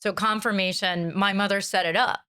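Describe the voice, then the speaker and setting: An American woman guest in an interview, telling stories in a lively way, laughing often and acting out what others said. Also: mid-range voice, fairly quick, clear, resonant tone, no echo, studio quality. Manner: animated storytelling, laughs often, quotes others. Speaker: author guest. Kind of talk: interview conversation.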